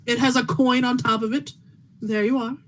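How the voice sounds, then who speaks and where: A woman's voice: on the high side, steady tone, normal speed, a little hiss or hum, low-quality recording. A woman playing a character in a tabletop game, speaking in a genteel, polite way and often laughing. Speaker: player.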